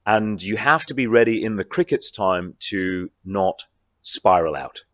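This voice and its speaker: A man, a guest actor in a convention interview, talking in a reflective, animated way. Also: lowish voice, unhurried, no room sound, studio quality. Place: convention floor.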